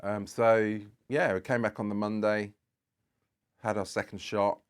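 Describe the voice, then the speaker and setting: On a podcast, a British guest rambles through a long anecdote in easy conversation, acting out the dialogue as he goes. His voice is on the low side and smooth, with little pitch movement and a slightly slow pace.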